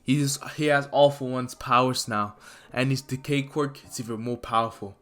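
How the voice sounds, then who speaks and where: A man voicing a determined young male hero who speaks low and earnestly in a fan-made story. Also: steady tone, moderate pace, a bit bright, lightly acted. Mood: worried.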